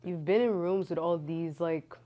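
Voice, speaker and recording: A woman hosting an interview, asking relaxed questions and giving brief affirming replies. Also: on the low side, moderate pace. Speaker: interviewer host. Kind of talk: interview questions and back-channel.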